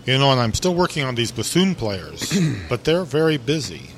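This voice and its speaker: A man's voice: mid-range voice, sing-song, moderate pace, slight background noise. Easygoing male radio co-host in a cafe. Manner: easygoing, teasing banter. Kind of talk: casual on-air chat.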